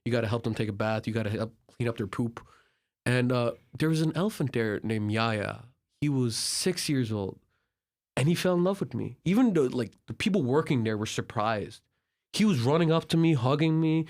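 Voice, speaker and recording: As a podcast guest, a young man from Turkey speaks at a normal speed in a medium-pitched voice. His casual travel storytelling is animated and filler-heavy, with the conversations acted out.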